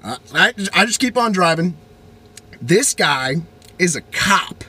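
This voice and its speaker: A young man from Virginia ranting casually in an animated, rambling way, with many restarts. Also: high voice, slow, breathy edge. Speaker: vlogger. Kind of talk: casual rant.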